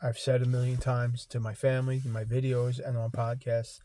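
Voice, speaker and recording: A man in his fifties, making a heartfelt vlog appeal to his viewers, halting and choked up, fighting back tears. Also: mid-range voice, completely flat delivery, dark tone, a little hiss or hum. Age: 50s. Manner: halting, many ums and restarts. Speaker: vlogger. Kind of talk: emotional personal vlog appeal.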